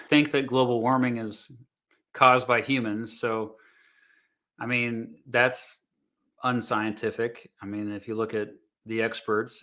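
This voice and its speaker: Thinking aloud as he reacts to videos, this history teacher, a man in his thirties or forties, leans on fillers and keeps restarting his sentences. His calm, reassuring manner comes through at a medium pitch.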